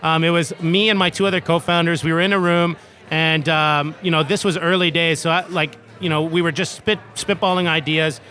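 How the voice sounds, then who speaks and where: A man's voice: fairly high pitch, little pitch movement, a little fast, sharp tone. A man, a tech company co-founder, giving eager interview answers with lots of fillers and restarts, recorded outdoors in a city.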